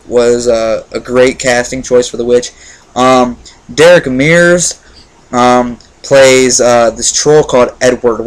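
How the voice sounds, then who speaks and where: A man talking through a film review in a loose, unscripted way. His pitch sits in an ordinary middle range, and he stumbles, repeats himself and fills pauses with ums and uhs as he goes. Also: low-quality recording. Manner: rambling, many fillers and restarts; enthusiastic. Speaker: movie reviewer. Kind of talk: casual spoken movie review.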